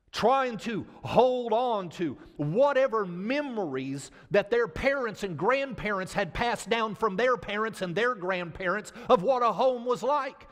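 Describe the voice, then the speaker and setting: A male pastor preaches with high, swooping, dramatic emphasis and down-home phrasing. His voice carries through the long reverb of a church sanctuary. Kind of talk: sermon.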